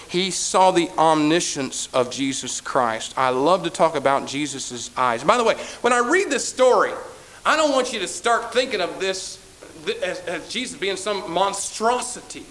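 A man preaching a sermon as pastor, talking in a folksy way that swings from quiet asides to shouted appeals and acts out everyday voices. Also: high voice, rough recording.

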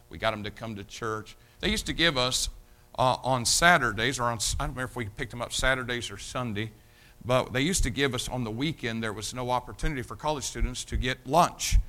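Speaking at a medium pitch, this pastor shares a story in his sermon. He's folksy and repetitive, shifting from loud, emphatic moments to quiet, hushed ones.

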